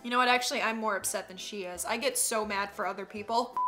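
A woman's voice: medium pitch, fairly even intonation, quick pace, sharp tone, faint music behind. A young woman hosting a vlog, chatting casually and reacting to clips with sassy, talkative asides. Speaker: YouTuber host.

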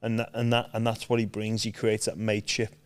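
Man, podcast host, low flat voice, calm, reflective. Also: fairly quick, clear, resonant tone. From England. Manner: calm, short affirmations, reflective. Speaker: podcast host, former footballer. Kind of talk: casual interview chat.

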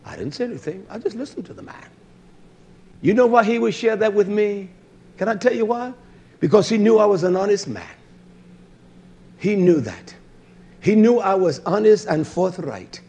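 Here the pastor sounds high and animated, speaking at a moderate pace with frequent pauses and a breathy quality. He preaches through stories, hammering phrases by repeating them, swearing for emphasis and getting louder.

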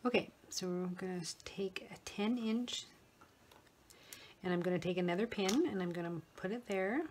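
Relaxed woman teaching sewing as she works, faint noise in the back. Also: on the low side, normal speed. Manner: relaxed, talks while working with hands. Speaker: sewing tutor. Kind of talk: step-by-step craft tutorial.

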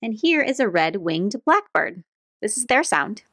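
A woman teaching a children's lesson about birds, speaking cheerfully and clearly to young kids. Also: medium pitch, a little slow, slight background noise. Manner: soft, calming guided breathing. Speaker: kids activity instructor.

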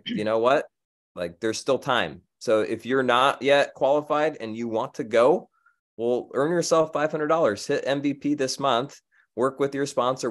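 A man hosting an upbeat company meeting over a video call, talking casually with lots of fillers. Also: fairly low pitch. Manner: enthusiastic, casual, many fillers. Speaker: host of team meeting.

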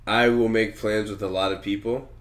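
A man's voice: fairly low pitch, steady tone, normal speed. Male podcast co-host, loose and profane, tells stories with acted-out quotes, casual chat.

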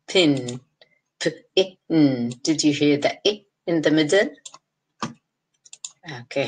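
A woman's voice: deep voice, slight background noise. A woman teacher giving a phonics lesson to young children, sounding out letters and words one by one. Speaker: kindergarten teacher.

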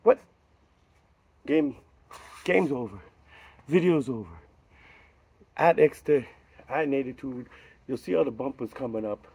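Rowdy, gravelly vlog host. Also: male voice, mid-range voice, expressive, measured pace, long pauses, darkish tone. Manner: rowdy, profane, hyped, rambling. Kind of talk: rambling casual outro.

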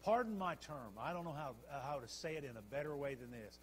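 A man pastor preaching a sermon, telling the story with animated repetitions. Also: medium pitch, fairly quick, faint music behind. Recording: long church hall reverb.

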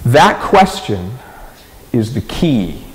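A man's voice: medium pitch, big pitch swings, drawn-out words, long reverb tail. A man preaching a sermon in a conversational way, often asking his listeners rhetorical questions. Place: church sanctuary.

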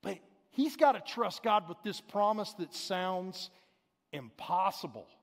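A man's voice: high voice, animated, measured pace, creaky. A pastor preaching a sermon in a conversational, explanatory way, paraphrasing scripture as he goes. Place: large church sanctuary. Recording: long hall reverb.

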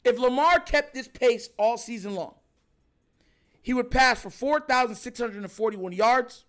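High-voiced man ranting about football. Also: unhurried. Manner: animated, exasperated, emphatic repetition. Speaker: sports commentary host. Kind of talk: ranting reaction commentary.

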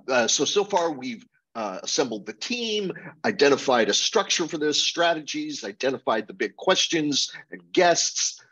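A man presenting a project update in a webinar, halting with fillers and restarts. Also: mid-range voice, breathy edge, rough recording. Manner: halting, many fillers, animated plugs.

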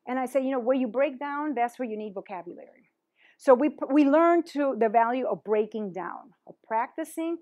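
A woman's voice: a little high, animated, brisk, darkish tone. A woman presenting a teacher-training workshop, talking animatedly and dropping in Spanish phrases.

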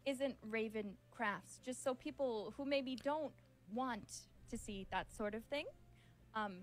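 A woman's voice: on the high side, takes it slowly. A woman streamer talking to her viewers, polite and hesitant with many ums. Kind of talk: casual stream chat.

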